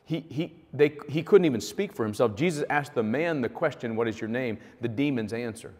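A man's voice: medium pitch, expressive, fairly quick, a little mellow. A male pastor preaching a sermon in a conversational, storytelling way. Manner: conversational, vivid storytelling with fillers. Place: church hall. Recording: long hall reverb.

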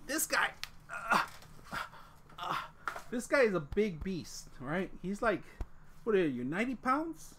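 A man's voice: high voice, sing-song, measured pace, pauses often, noisy background. A man streaming live from home, joking with chat and tacking "man" onto his sentences, on a desk condenser mic with a pop filter. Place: home room with a dog.

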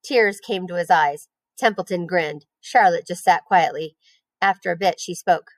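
A woman, a teacher, reading a children's novel aloud in a clear, expressive storytelling voice. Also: fairly low pitch, moderate pace, no echo.

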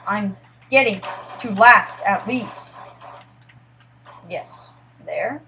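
A woman giving casual commentary over her gameplay, rambling and apologetic, sometimes trailing into quiet mutters and then bursting out excitedly. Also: medium pitch, extremely slow, gravelly, a little hiss or hum. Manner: excitable outbursts. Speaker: gaming commentator.

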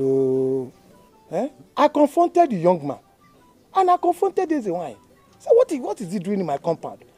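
A man's voice: high-pitched, mellow, exaggerated voice. An actor with a Nigerian accent playing a weary village man who protests in an exasperated way. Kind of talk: Nollywood village drama acting.

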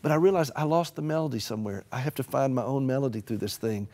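A middle-aged man with a Southern US accent, telling folksy stories with humor and dropping to a gentle hush for emphasis as a guest on a Christian TV talk show. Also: medium pitch, fast talker. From American South. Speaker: author and caregiver advocate.

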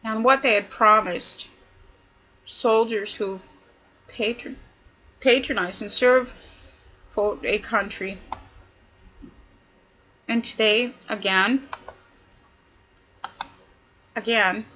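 A woman's voice: a little high, fairly even intonation, very slow, pauses often, bright, forceful tone, lo-fi sound. A woman giving an indignant, preachy monologue, hammering her points with repetition. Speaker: video commentator. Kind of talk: impassioned monologue.

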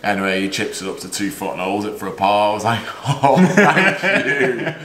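A man's voice: sits low, level tone, fast, a bit bright, slight background noise. A man hosting a casual golf chat, talking chattily, laughing often and acting out what people said. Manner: chatty, laughs often, acts out quoted remarks. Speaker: vlog host and caddie. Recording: roomy echo, faint background.

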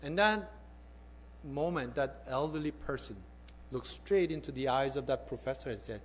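A male pastor preaching a sermon. He tells a story and puts direct questions to his listeners, swinging between emphatic peaks and hushed appeals. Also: mid-range voice, normal speed, slight background noise.

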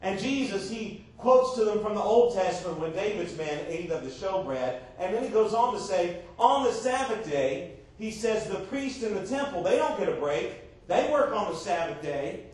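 A man's voice: sits high, lively intonation, normal speed, hardly any pauses, darkish tone. A man preaching a sermon as pastor, emphatic, often asking the congregation rhetorical questions. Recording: far-off echoey church recording.

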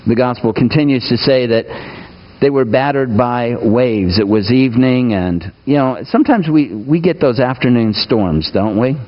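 A man's voice: mid-range voice, moderate pace, dull audio. A man preaching a conversational sermon in a church, folksy and asking the congregation questions.

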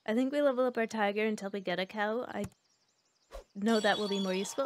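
A young woman streaming a game, chatting casually with her chat and reacting loudly to each round. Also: mid-range voice, fast, a little hiss or hum. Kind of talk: casual gameplay commentary. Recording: faint background music.

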